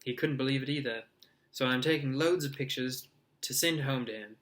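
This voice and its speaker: A man reading aloud, voicing an excitable young schoolboy who talks in a rushed, pleading way. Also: mid-range voice, natural voice. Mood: eager.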